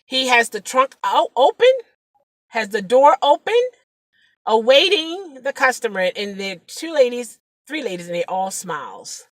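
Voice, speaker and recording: A woman's voice: a little high, very animated, measured pace, no echo. A woman who drives rideshare, talking to the camera in a chatty, preachy way, rambling with fillers and sometimes dropping to a whisper. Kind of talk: casual vlog talk.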